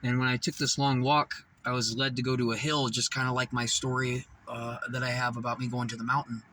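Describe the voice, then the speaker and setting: A man's voice: mid-range voice, little pitch movement, a little fast, bright, forceful tone, distant mic, a little hiss or hum, poor audio. Rambling, profane young-sounding man confessing. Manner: rambling, profane, emphatic, with restarts and laughter. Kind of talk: casual confessional monologue.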